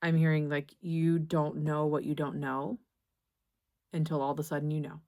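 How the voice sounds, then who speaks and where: A young woman giving a tarot reading to camera, gentle and reassuring, halting often and restarting her phrases. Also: low-pitched, level tone. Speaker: tarot reader.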